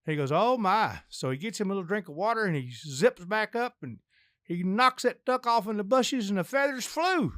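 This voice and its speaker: An older man tells long jokes as a podcast guest, rambling in a folksy way. His voice sits high for a man. It sounds dry and close. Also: lively intonation, fairly quick, fairly bright tone, dry recording. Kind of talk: folksy joke telling.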